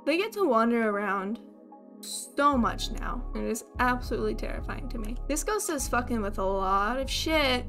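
A woman with a high, bright voice talks through a solo game, casual and jumpy. She swears freely and calls out to the ghost, snapping at it when it ignores her. Faint music plays underneath. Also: lively intonation, unhurried. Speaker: streamer playing solo. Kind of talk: casual gameplay commentary.

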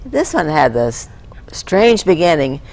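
Low-voiced woman, chatty rescue story, lots of uhs. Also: big pitch swings, slow pace, a little mellow, a little hiss or hum, rough recording. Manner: chatty, laughing, many fillers. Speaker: animal rescuer guest. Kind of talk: casual anecdote.

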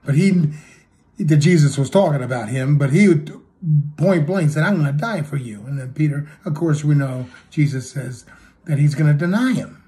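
A man preaching a sermon, retelling a story with acted quotes and swinging between loud and hushed delivery. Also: fairly high pitch, normal speed.

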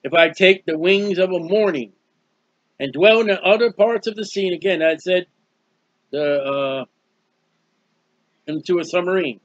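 A man's voice: high voice, unhurried, long pauses, no echo, muffled recording. A man preaching a Bible teaching sermon in a folksy, emphatic way, asking questions and answering them himself.

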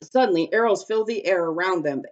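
A woman teacher reading a children's chapter book aloud in a steady, careful way, with small slips. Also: fairly low pitch, fast talker, highs cut off. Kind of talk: storybook read-aloud.

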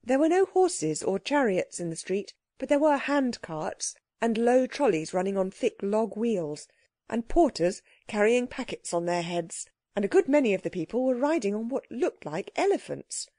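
A woman narrates a children's audiobook with clear, gently expressive storytelling. Her voice is warm and mellow, recorded dry and close. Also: a little high, moderate pace, no echo.

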